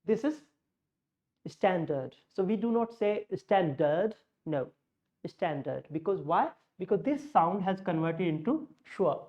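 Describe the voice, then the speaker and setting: A woman teaching pronunciation, slowly modeling vowel sounds against each other. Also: medium pitch, darkish tone. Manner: slow, explanatory, models sounds in contrast. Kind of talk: pronunciation lesson with slides. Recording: muffled lo-fi audio.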